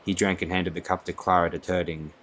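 A male audiobook narrator with a very low voice reads a classic novel in scripted narration. His tone is level, brisk, and a bit bright, yet he reads expressively, letting the prose swell with the scene.

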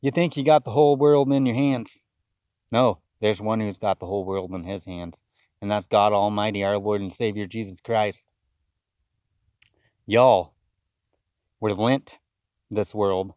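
A man's voice: fairly low pitch, steady tone, normal speed, darkish tone, no echo, studio quality. A man giving a fiery, accusatory video sermon, often repeating words as he rants. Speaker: self-styled preacher. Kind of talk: impassioned video sermon rant.

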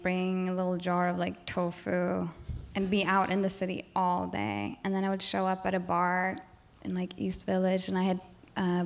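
A woman from Sweden in her thirties speaks at an everyday pitch, talking loosely and candidly as an interview guest on stage. Her sentences ramble and restart, filled with "like", and she laughs often. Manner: candid, rambling, heavy use of "like", frequent laughs. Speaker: guest singer. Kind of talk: onstage interview, candid casual talk. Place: stage in front of a live audience.

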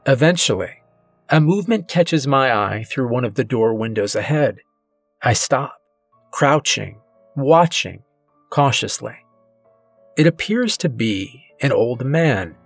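A man narrating a first-person horror story in a slow, deliberate, tense way. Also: mid-range voice, husky, no echo. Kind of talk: scripted narration.

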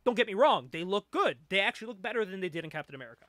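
A man hosting a casual comic book chat, animated and laughing often as he reads panels aloud. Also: sits high, very fast, no room sound, studio quality. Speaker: podcast host.

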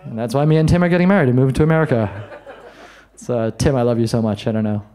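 A man doing a stand-up set in a comedy bar, brash and self-mocking, with quick asides to the crowd. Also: mid-range voice, mellow. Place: comedy bar in front of a live audience.

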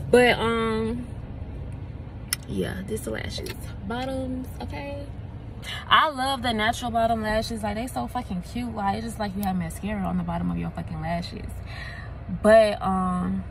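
A woman, chatting casually to her vlog audience, animated and full of "like" and "y'all". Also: fairly high pitch, unhurried, gravelly, noisy background. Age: 20s. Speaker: vlogger. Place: at home, later in a car.

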